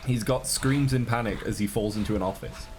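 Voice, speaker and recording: A man's voice: on the low side, brisk, a little mellow, faint music behind. A man streaming a reaction to a video, chatting casually to his viewers with rambling, joking asides.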